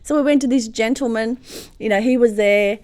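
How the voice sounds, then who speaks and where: Appearing as a podcast guest, a woman born in Croatia who grew up speaking Croatian tells a family story in a casual storytelling interview. Her voice is a little high and brisk in a dry recording, and she tells it with emotion and liveliness, often breaking into laughter.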